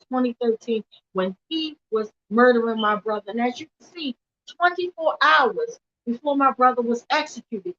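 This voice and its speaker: A woman speaks as an activist, her voice sitting fairly high. She delivers earnest, emphatic testimony and tumbles through events with repeated "literally". The livestream audio is muffled and lo-fi. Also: a bit bright, a little hiss or hum. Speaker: activist speaking at a weekly vigil. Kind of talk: impassioned personal testimony.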